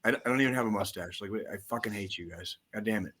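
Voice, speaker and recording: A man co-hosting a loose podcast chat, his voice bright and forceful. He rants about football in a profane, rambling, excitable way, piling on swear words as he goes. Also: lowish voice, fast talker. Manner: profane, excitable, rambling sports-fan rant. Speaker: podcast co-host. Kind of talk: casual chat.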